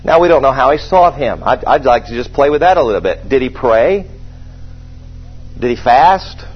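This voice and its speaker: Husky-voiced preacher giving a sermon. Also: male voice, mid-range voice, expressive. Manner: conversational, asks the congregation questions, slows and stresses scripture. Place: church service with a congregation. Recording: dull lo-fi sermon recording.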